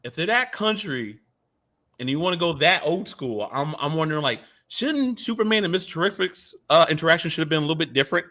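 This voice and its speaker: A man chats casually about a film, his voice bright and full of swings in pitch. He keeps acting out what characters say in short quoted bits. It sounds like an easygoing live review. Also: fast. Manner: animated, mimics characters in quotes. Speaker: podcast co-host. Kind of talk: casual movie review chat.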